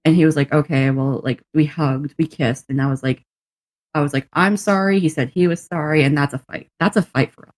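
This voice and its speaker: A woman's voice: deep voice, brisk, no echo. A woman co-hosting a podcast, telling a personal story in casual chat and acting out both sides of each exchange. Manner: animated storyteller who acts out both sides of conversations and laughs often; swears casually. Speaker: podcast co-host.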